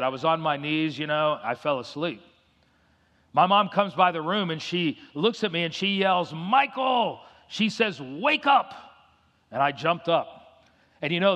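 A middle-aged man preaching a sermon, emphatic, repeating his key phrases and reading scripture slowly. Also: on the high side, fairly bright tone. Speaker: pastor. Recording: long hall reverb.

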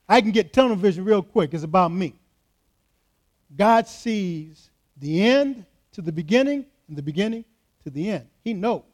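A man's voice: high-pitched, darkish tone. A man preaching a sermon to his congregation in church, emphatic and repetitive as he speaks directly to the people in front. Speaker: pastor.

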